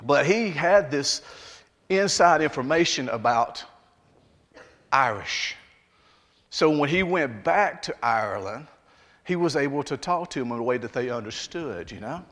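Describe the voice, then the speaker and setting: A pastor with a Southern Alabama accent delivers a sermon in an easygoing, conversational way, turning to chat with his congregation. His voice sits at an ordinary pitch for a man. It rings out with a long reverb, as in a large church hall. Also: expressive, a little slow, pauses often, fairly bright tone. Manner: conversational, folksy asides to the congregation.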